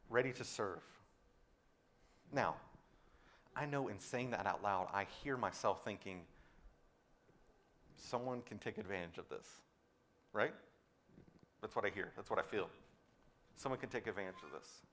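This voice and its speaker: A male pastor preaching a sermon. He swings between loud, emphatic declarations and quiet, low asides, and repeats words when he stresses a point. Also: slight background noise.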